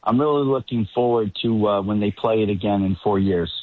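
A man's voice: on the low side, brisk, no echo. Boston guy on a tinny phone line. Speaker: regular roundtable guest. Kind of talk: talk radio commentary.

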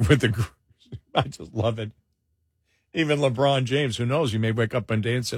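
A man co-hosting a talk radio show, giving opinionated commentary with chuckles and quick repeated asides. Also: medium pitch, breathy edge, no echo, studio quality. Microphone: studio mic.

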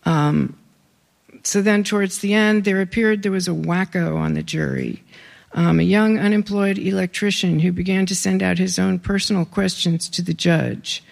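A heavily gravelly, creaky voice at a middling pitch, reading their own writing to a live audience. They break off now and then for dry, wry remarks before slipping back into the text. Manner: wry, conversational asides between read passages. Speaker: author reading own work.

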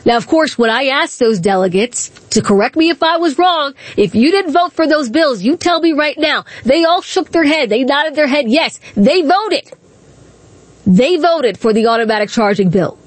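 A woman's voice: high-pitched, lively intonation, moderate pace, dry recording. A woman hosting talk radio, speaking in a combative, indignant way with repeated rhetorical questions.

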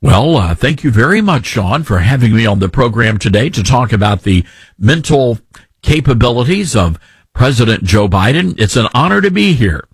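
A stiff, proper politician speaks in a lowered, formal, polished tone, as a talk host imitates him. There is no drawl here, just a husky, dry delivery. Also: male voice, big pitch swings, normal speed, dry recording. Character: stiff, proper politician, man, middle-aged.

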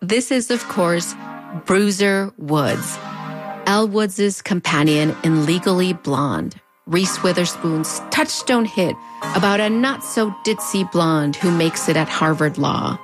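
A woman's voice: lowish voice, slow pace, over music. A woman with a US-Mexico border accent narrating a video essay in a conversational, wry way. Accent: US-Mexico border Spanish-tinged English. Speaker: host.

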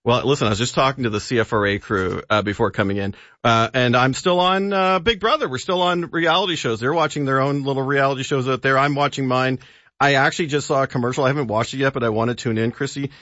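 A man's voice: mid-range voice, fast, pushed and bright, dry recording. A man co-hosting a talk radio show, chatting in an easygoing way and laughing often. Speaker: radio show regular, co-host. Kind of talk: casual on-air chat. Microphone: studio mic, dry. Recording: slightly dull lo-fi broadcast audio.

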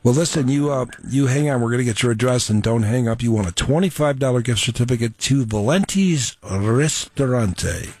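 A man's voice: medium pitch, moderate pace, hardly any pauses, a little mellow, slightly rough, no echo. A male radio host, chatting with callers and reading ads in a jokey way. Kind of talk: radio call-in and ad reads.

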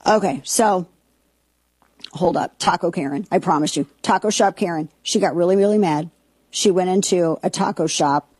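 A talk radio host, a woman with a dark, mellow voice pitched a little low. She rants with sarcasm and indignation, and the recording sounds dry and close. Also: moderate pace, husky, no echo. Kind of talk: opinionated political talk radio.

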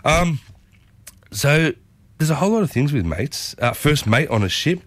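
A man's voice: fairly high pitch, big pitch swings, normal speed, a bit bright, dry recording. A man with an Australian accent, hosting a casual community radio show in a rambling, folksy way.

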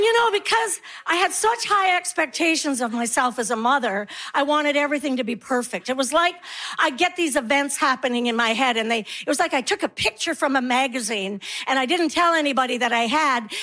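A middle-aged woman performing a stand-up comedy routine, animated and acting out her kids and herself in different voices, with audience laughter behind her. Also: high-pitched.

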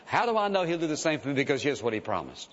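A man's voice: on the high side, sing-song, very fast, slight background noise. A man preaching a sermon in a church, earnest and emphatic, often breaking in with "listen" to press a point. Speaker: pastor. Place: church sanctuary. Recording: dull sound with long hall reverb.

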